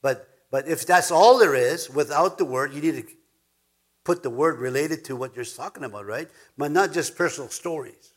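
A man's voice: a little high, moderate pace. A man preaching a sermon as pastor, emphatic, repeating words for stress and now and then chuckling.

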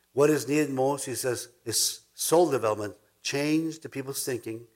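A man preaching a sermon as pastor, emphatic, repeating words for stress and now and then chuckling. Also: medium pitch.

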